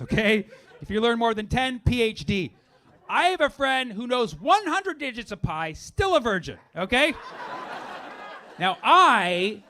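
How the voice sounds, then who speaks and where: Stand-up comedian, male, high voice, brash, shouts the punchlines, live club recording with clear crowd noise.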